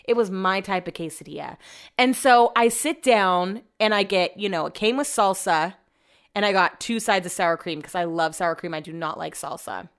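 A young woman tells a rambling everyday story in a casual, profane, animated way, slipping into quick voices for the people in it. Her voice is smooth and clear, with a pitch right in the middle for a woman. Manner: chatty, profane, animated retelling. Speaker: vlogger.

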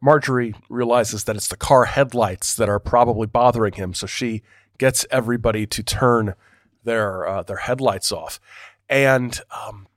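A man's voice: medium pitch, normal speed, no echo. Podcast guy reading from a book then chatting about it, stumbles and repeats himself, super dry mic. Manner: hesitant, repeats words while commenting. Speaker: podcast host.

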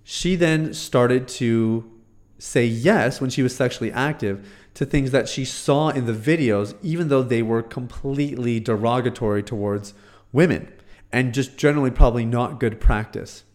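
A man's voice: medium pitch, moderate pace, darkish tone. Earnest man commenting, frequent fillers. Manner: earnest, hesitant with fillers and restarts. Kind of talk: casual commentary.

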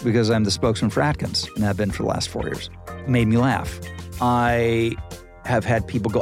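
A man's voice: mid-range voice, moderate pace, soft background music. A man being interviewed as a guest actor, telling stories enthusiastically and putting on exaggerated voices for people he quotes. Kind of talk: casual interview chat.

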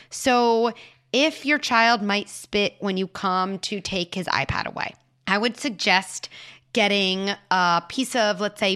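A woman hosting a show and giving parenting advice to a caller, explaining patiently and dropping into soft hushed asides. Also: medium pitch. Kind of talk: advice talk answering a caller.

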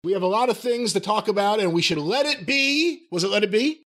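A man's voice: high voice, expressive, fairly quick, a bit bright. A man co-hosting a podcast, wry and joking as he steers the casual chat between topics. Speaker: podcast co-host.

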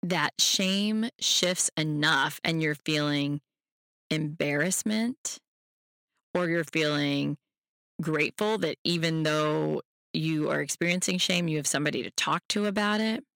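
A podcast host who gives a self-help talk in a gentle, reassuring way and speaks straight to the listener. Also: mid-range voice, a little slow, gravelly, dry recording, clean studio sound.

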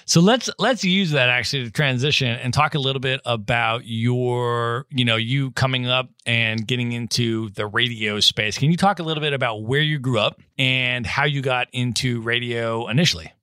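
A man's voice: mid-range voice, moderate pace, pushed and bright, dry recording, studio quality. A man hosting a podcast, prompting his guest with questions and affirming her answers. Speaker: podcast host. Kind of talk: interviewer.

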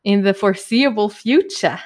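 A woman's voice: medium pitch, normal speed, a little mellow. A woman with a German accent co-hosting a podcast, chatting casually with lots of laughs and ums. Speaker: podcast co-host. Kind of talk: casual chat.

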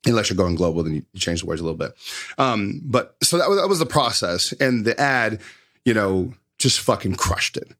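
A man with a fairly low voice, explaining marketing in loose, animated talk that is peppered with swearing. He keeps a casual, storytelling tone. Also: brisk. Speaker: advertising guest.

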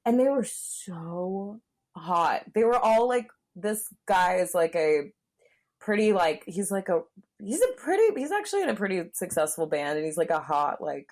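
This young woman talks in a low voice for a woman and chats casually. She is frank and uses many fillers. She acts out the voices of the people in her story. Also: sing-song, moderate pace, a little mellow. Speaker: guest telling a story. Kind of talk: casual chat.

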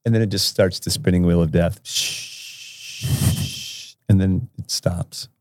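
Low-voiced man telling a profane story. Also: steady tone, measured pace, a little mellow, dry recording. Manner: profane, laughing, rambling anecdote. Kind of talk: casual storytelling.

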